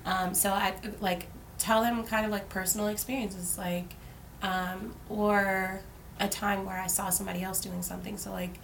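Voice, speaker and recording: A woman's voice: medium pitch, flat delivery, normal speed, vocal fry. Young woman, casual podcast co-host, filler-heavy, faint background noise. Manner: chatty, filler-heavy with frequent "like". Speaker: podcast co-host, life coach. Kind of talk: casual chat.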